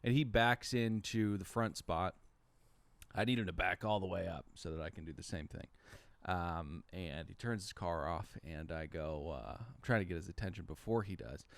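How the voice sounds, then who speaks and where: A man, co-hosting a podcast and telling lively stories in casual chat. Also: low-pitched, moderate pace, creaky, no echo. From Los Angeles area. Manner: animated storyteller, acts out quotes. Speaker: podcast co-host.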